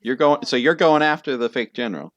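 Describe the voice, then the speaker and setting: A young man running a tabletop game as game master, relaxed and rambling, laughing often. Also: mid-range voice, fairly quick, no echo.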